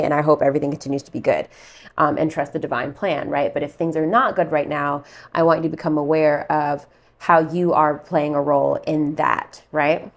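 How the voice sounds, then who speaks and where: Low-voiced woman chatting through a tarot reading. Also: steady tone, brisk. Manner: chatty, rambling, with frequent fillers and asides. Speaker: tarot reader. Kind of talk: casual tarot reading vlog.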